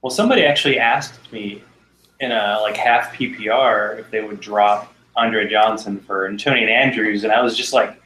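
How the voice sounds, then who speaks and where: A man's voice: on the low side, fairly even intonation, normal speed, bright, forceful tone, a little hiss or hum. Wry-talking man host in an echoey room. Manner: rambling, wry. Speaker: podcast host. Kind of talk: casual chat. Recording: roomy echo.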